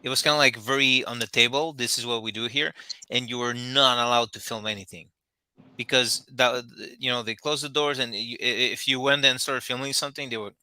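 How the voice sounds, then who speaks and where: A talk show host with a very bright, sharp voice and a dry sound. He searches for his words, stopping and restarting his sentences as he thinks aloud. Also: mid-range voice, steady tone, clean tone, no echo. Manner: halting, restarts often, many fillers. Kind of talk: casual interview chat.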